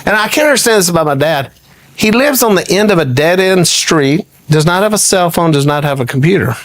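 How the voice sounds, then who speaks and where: A man spinning a comic story, his voice pitched a little high and swinging widely up and down. He laughs through his lines and talks like a guest in a relaxed interview. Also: fairly quick. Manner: animated, laughs often while telling stories. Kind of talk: anecdotal storytelling in conversation.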